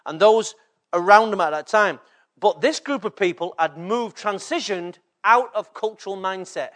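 A man's voice: high voice, normal speed, fairly bright tone. A man from England preaching a sermon as a pastor, often checking in with the congregation through short rhetorical questions.

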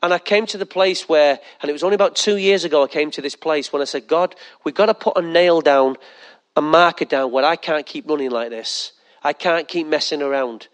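A man preaching a sermon as pastor, animated, asking the congregation questions and acting out little asides. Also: a little high, brisk.

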